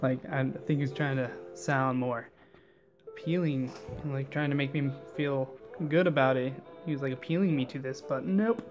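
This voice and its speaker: A young man telling a rambling, animated story while playing a game, full of fillers and asides. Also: medium pitch, normal speed, music in the background. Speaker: gaming channel host.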